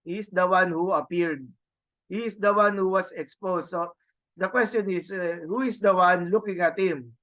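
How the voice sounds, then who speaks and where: A man with a Filipino accent teaching a Greek grammar lesson, halting and repeating words, often adding "no?" to check on students. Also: high-pitched, fairly bright tone. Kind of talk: classroom lecture.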